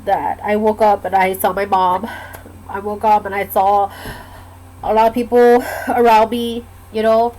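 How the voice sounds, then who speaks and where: A woman telling a personal story in a casual, halting way, with many pauses and fillers. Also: mid-range voice, flat delivery, mellow, poor audio. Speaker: vlogger sharing a personal story. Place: lives in Georgia, USA.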